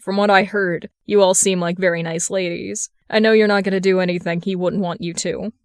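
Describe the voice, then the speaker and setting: Give me a woman voicing a gruff, protective young man who talks brusquely. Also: mid-range voice, fairly even intonation, moderate pace, no echo, studio quality, natural voice.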